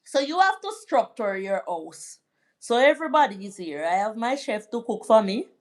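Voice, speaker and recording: A middle-aged woman from Jamaica hosting a live stream, chatting in a rambling way and giving shout-outs to her viewers. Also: on the high side, expressive, moderate pace. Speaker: vlog host. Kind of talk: casual live-stream chat.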